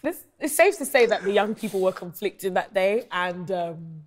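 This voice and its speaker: A woman's voice: medium pitch, expressive, moderate pace. A woman in her twenties with a London accent, a guest telling stories in a casual interview, full of ums and likes. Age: 20s. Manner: chatty storyteller, many ums and likes. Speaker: guest, singer-songwriter.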